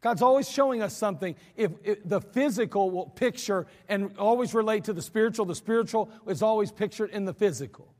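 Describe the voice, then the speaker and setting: High-voiced folksy American preacher. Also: male voice, fairly quick, few pauses, darkish tone. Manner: folksy, emphatic storytelling preacher. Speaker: pastor. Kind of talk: sermon. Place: large church sanctuary. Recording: church hall reverb.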